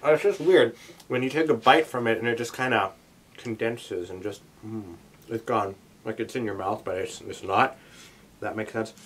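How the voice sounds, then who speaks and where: A man's voice: fairly low pitch, normal speed, a bit bright, slightly rough. A young man vlogging a taste test, talking in a rambling, chatty way with many asides. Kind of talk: casual chat to camera.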